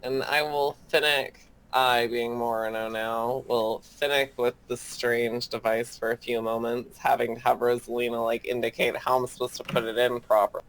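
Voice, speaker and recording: A player in an online tabletop game, quickly narrating their character's actions. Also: mid-range voice, little pitch movement, fairly bright tone, rough recording. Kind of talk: casual tabletop role-play. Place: online voice call.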